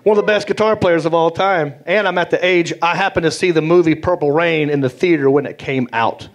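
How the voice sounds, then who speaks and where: A middle-aged man with a Southern US accent telling animated stand-up stories on stage, acting out the voices he quotes. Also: on the high side, a little fast. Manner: animated, acts out voices, drawling. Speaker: stand-up comedian. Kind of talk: stand-up storytelling. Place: comedy stage. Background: audience laughter.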